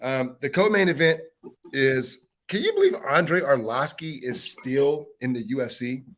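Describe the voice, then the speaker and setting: Young male co-host, mid-pitched, quick bantering fight-pick chat. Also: very animated, fairly bright tone. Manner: quick banter with casual swearing, picks fights. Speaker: podcast co-host. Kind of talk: casual sports chat.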